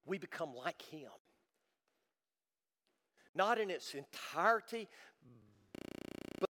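Middle-aged man, pastor, fairly high register; earnest sermon delivery that swings between loud emphasis and near-whispers. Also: lively intonation, takes it slowly, long pauses, long reverb tail. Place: church service.

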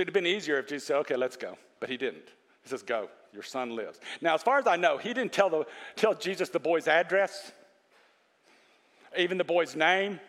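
High-voiced preacher in a reverberant hall. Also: male voice. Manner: animated preaching, quotes scripture, asks the congregation questions. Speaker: pastor. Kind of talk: sermon.

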